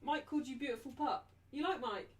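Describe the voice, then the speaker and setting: A woman's voice: high-pitched, brisk, background noise. A chatty woman streams a live match watchalong, her voice sitting a little above the usual range. She drifts between casual commentary and sing-song baby talk to her dog. She sounds a touch distant from the microphone.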